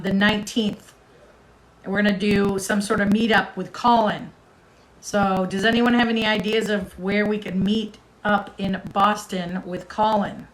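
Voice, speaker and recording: A woman's voice: mid-range voice, fairly bright tone, a little hiss or hum, rough recording. A woman hosting a casual livestream, chatting with viewers as she reads their comments. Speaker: host.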